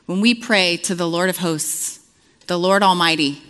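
A woman preaching with earnest, storytelling warmth and plenty of conversational fillers. Her voice sits a little low, and it carries a long reverb from a large hall. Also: moderate pace. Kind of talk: conversational sermon.

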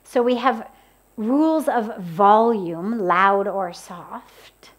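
A woman giving a spiritual talk on the power of sound, speaking deliberately and using everyday examples. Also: medium pitch. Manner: slow, deliberate, with spoken examples. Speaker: spiritual teacher. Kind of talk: spoken talk on mantras.

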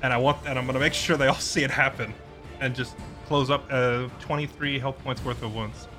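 A man playing a tabletop game, excitable and quick to laugh. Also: medium pitch, faint music behind. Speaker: player. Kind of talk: casual tabletop play.

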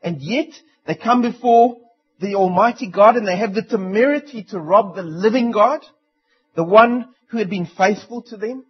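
A man preaching with a fairly high, husky voice. He swings between loud declarations and hushed, pressing asides. The recording is dull and lo-fi. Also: normal speed. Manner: dramatic preaching with sudden drops to near-quiet. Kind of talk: sermon. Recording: dull lo-fi sound.

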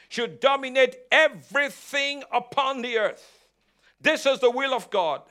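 A pastor preaches a sermon in a high, bright, forceful voice, emphatic and repetitive, using call-and-response. The congregation can be heard answering amen in the background.

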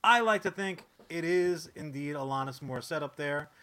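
A man co-hosting a podcast, chatting in a laid-back way and hyping up sponsor reads loudly. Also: a little high, normal speed, slight background noise. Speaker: podcast co-host. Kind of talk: casual chat and sponsor reads.

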